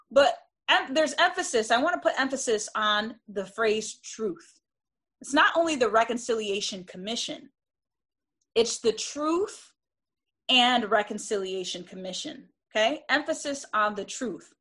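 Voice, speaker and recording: A woman's voice: a little high, fairly bright tone. A woman giving a classroom lecture in an earnest, emphatic way, often restarting and checking in with "right?".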